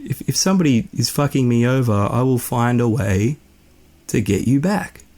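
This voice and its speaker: A man's voice: medium pitch, expressive, moderate pace, darkish tone. A young Australian man tells a story in a casual, laid-back way, swearing and rambling. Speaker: podcast host.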